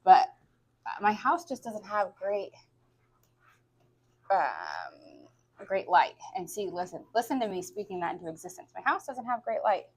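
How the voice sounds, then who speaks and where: A woman's voice: mid-range voice, big pitch swings, unhurried, long pauses, husky. A woman in her forties, vlogging in a frank, casual way with lots of swearing and filler words. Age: 40s. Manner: frank and profane, filler-heavy, chatty. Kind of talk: candid casual vlog chat.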